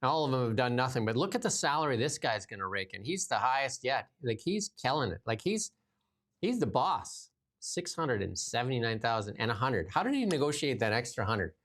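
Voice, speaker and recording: A man's voice: medium pitch, sing-song, a little fast, a bit bright. Sarcastic man hosting commentary. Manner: sarcastic, mocking, reads out news and riffs on it. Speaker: podcast host. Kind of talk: casual political commentary.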